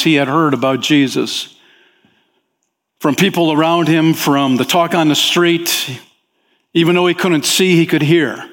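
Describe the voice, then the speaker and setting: A man preaching as a pastor, talking with the congregation in an easygoing way and often saying "man", and his pitch rises sharply when he voices desperate pleas. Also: a bit bright. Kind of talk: sermon. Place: church sanctuary. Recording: long hall reverb in a church.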